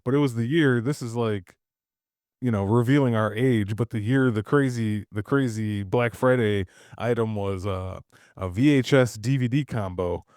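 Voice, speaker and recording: A man's voice: medium pitch, moderate pace, a little mellow, no room sound, clean studio sound. A man co-hosting a podcast in casual chat, telling rambling stories, swearing freely and laughing between sentences. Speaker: podcast co-host.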